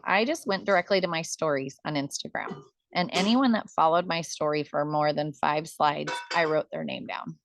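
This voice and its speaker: An upbeat woman leads a casual team call, cheering others on and laughing easily. Her voice sits a little low for a woman. The sound is dry and close, with no room around it. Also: vocal fry, no room sound. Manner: upbeat, encouraging, laughs often. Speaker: host of a team business call. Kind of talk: casual video call chat.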